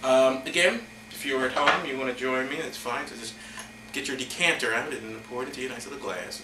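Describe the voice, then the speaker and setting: A man hosting a comedy show, reading scripture in a hammy, mock-solemn way with deadpan asides. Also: medium pitch, brisk, reverberant, background noise. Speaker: host.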